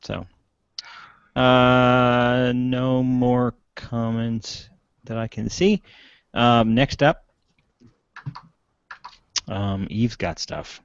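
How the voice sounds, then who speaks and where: A man hosting a casual online panel, joking and reading out viewer comments in a relaxed way. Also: medium pitch, very slow, pauses often, clear, resonant tone, no room sound, dull audio. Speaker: host. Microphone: video call.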